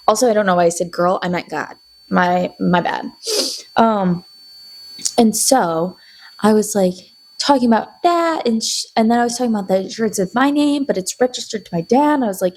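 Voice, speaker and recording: Young woman yapping away in her video diary, kinda breathy voice, all over the place and animated. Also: medium pitch, poor audio. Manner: rambling, animated, chatty storytelling with playful quoted voices. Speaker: video diarist. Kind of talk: casual chatty vlog. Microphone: camera.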